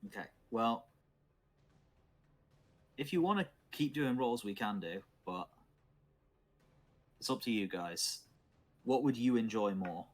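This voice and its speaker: A man with a fairly low voice runs a tabletop game as dungeon master. He narrates rolls, hits and damage in a matter-of-fact way, keeping his players up to date. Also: animated, takes it slowly, pauses often.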